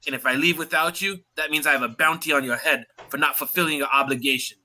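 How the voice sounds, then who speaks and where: A man's voice: on the high side, bright, forceful tone. A man voicing a commanding male ship captain who recruits a crew in a fantasy tabletop game. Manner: stern, drawn-out delivery.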